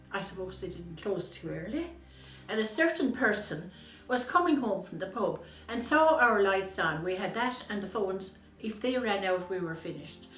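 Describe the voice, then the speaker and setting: A woman tells her story in a steady, plain manner, her mid-pitched voice carrying some room echo. Faint music plays softly underneath. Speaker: interviewee sharing memories. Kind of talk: casual storytelling. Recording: roomy with faint music behind.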